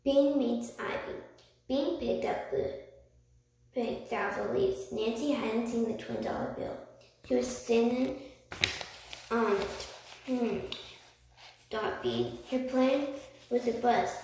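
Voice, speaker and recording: A woman reading a children's book aloud, slowly, with slips and restarts. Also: on the high side, creaky, darkish tone. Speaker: reader. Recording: echoey room, far from mic, faint noise.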